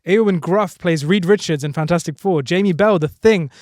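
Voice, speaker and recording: A man hosting a casual podcast quiz, reading out lists briskly and laughing along. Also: high-pitched, a little mellow, no echo, clean studio sound. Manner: quizzing, reads lists briskly. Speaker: podcast host.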